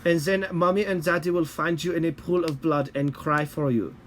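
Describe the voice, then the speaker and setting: Man doing a stern German parent, mock German accent, menacing and gruesome, pitched higher than his usual voice, slight noise behind. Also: normal speed, close to an everyday voice. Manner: threatening, gleefully gruesome.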